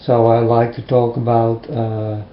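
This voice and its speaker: A man from the Netherlands with a Dutch accent, preaching casually in an earnest, halting way and asking the same questions again and again. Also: medium pitch, completely flat delivery, reverberant, dull audio, slight background noise. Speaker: religious vlogger.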